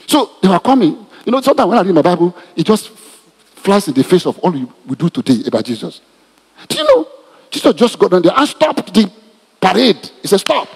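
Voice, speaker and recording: Male pastor, animated sermon delivery, husky tone, reverberant church. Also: high-pitched, brisk. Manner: animated preaching with laughs and repetitions. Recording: reverberant hall.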